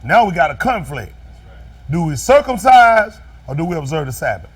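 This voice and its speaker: A man with a notably high voice preaches in a loose, folksy way, cracking jokes as he goes. He quizzes the congregation and leaves gaps for them to call out the answers. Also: big pitch swings, moderate pace, husky. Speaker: pastor. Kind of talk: sermon with call and response.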